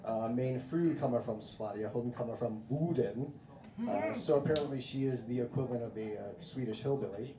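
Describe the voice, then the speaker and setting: A man's voice: medium pitch, moderate pace. An American man performing a stand-up comedy set, telling stories in a laid-back way and putting on mock voices. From United States. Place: comedy club stage. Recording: echoey club, live crowd. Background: audience laughter.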